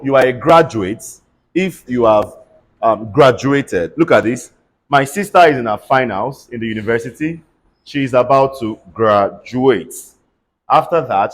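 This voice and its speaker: A man teaching a class how to pronounce consonant sounds, spelling words out letter by letter and having the students repeat them. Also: mid-range voice. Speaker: pronunciation teacher. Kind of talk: classroom lesson with call-and-response drills.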